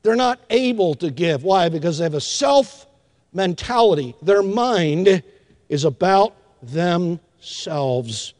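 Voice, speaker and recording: An older man preaching a sermon as pastor, animated, acting out little scenes with hushed asides and drawn-out emphasis. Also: high-pitched. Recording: long hall reverb.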